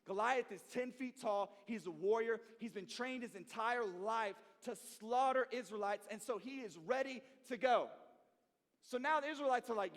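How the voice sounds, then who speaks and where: A young man preaching to a youth group, telling a story with lively, slangy energy. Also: extremely high pitch, moderate pace, in a large hall. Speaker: youth pastor. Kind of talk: sermon to youth.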